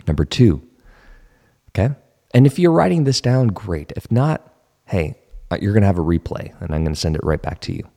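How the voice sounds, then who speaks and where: A man coaching golfers in an online teaching talk, asking his listeners questions and slowly repeating key phrases. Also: fairly low pitch, vocal fry, a little mellow, breathy edge.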